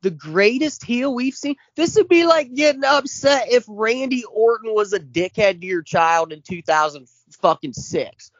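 A man's voice: high voice, lively intonation, measured pace, few pauses, no room sound, highs cut off. A man in his forties co-hosting a podcast, ranting with constant swearing and heavy emphasis. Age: 40s. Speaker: podcast co-host. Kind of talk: casual chat.

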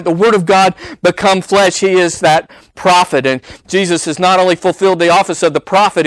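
Male preacher, sermon delivery, high voice, dry close sound, emphatic and repetitive for weight. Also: no echo, poor audio. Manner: emphatic, repeating phrases for weight.

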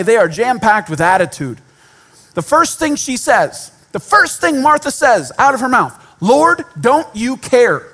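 A man's voice: very high-pitched, a bit bright. A man preaching a sermon in a conversational style, with repetition and self-deprecating humor. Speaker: pastor.

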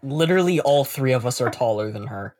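A man's voice: medium pitch, animated, fairly quick, heavy background noise. A man co-hosting a podcast, ribbing his friends with dry exasperation. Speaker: podcast co-host. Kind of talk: casual joking chat.

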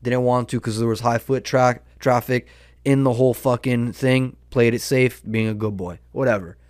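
A man's voice: medium pitch, clean tone, no echo, studio quality. A young man hosting a podcast, telling a story in a rambling, profane, slangy way. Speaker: podcast host. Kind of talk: casual storytelling monologue.

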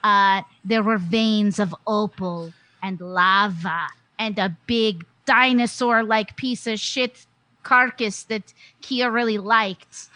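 Woman player, chatty recap voice, bright and a bit high, dry close mic. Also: takes it slowly, no echo, rough recording. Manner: chatty, laughing, with many fillers and restarts. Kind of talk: casual recap of a tabletop game.

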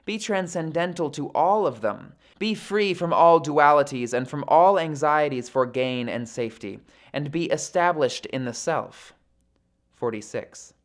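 A man reading scripture aloud and adding his own reflective commentary in a measured, thoughtful way, with occasional hesitant fillers. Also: a little high, expressive. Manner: measured, reflective, slows down to think. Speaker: podcast host reading scripture.

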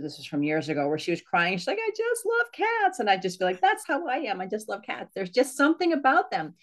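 Brief: low-voiced woman guest, chatty, laughs easily. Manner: chatty and warm about her pets, with laughs. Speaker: author guest. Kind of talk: casual podcast chat.

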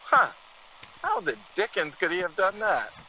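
An actor playing a nervous friend in an old-time radio drama, talking in quick exclamations. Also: male voice, high-pitched, sing-song, bright, forceful tone, slight background noise, heavily acted, rough recording. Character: nervous friend who finds a body.

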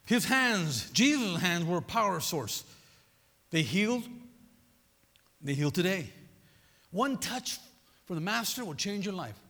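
A male preacher with a high, gravelly voice that swings widely in pitch, delivering a sermon with insistent repetition. He keeps checking in with the congregation through short questions. A long reverb hangs around him, as in a big church hall. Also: big pitch swings, unhurried, long pauses, bright, forceful tone. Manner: repetitive, emphatic, prods the audience with "huh?". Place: church sanctuary.

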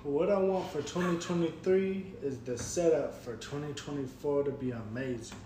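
A man's voice: on the high side, moderate pace, dark tone. A man co-hosting a casual podcast chat, laid-back and motivational, chuckling often. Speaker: co-host. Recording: echoey room with faint noise.

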